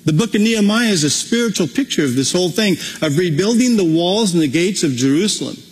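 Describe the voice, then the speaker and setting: A man's voice: high voice, lively intonation, fast, breathy edge. A man preaching a conversational sermon as pastor, with frequent restarts. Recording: long hall reverb.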